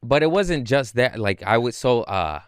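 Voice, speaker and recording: A man, a comedian guest, telling stories casually and animatedly, swearing and acting out quotes in high voices. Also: very animated, normal speed, clean tone, no room sound, studio quality. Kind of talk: casual storytelling.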